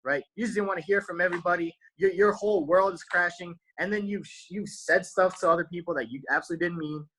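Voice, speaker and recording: A man's voice: high-pitched, fast talker, fairly bright tone, slight background noise, low-quality recording. A man giving a casual motivational talk to his viewers, using slang and tagging "right?" onto almost every point. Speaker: motivational speaker.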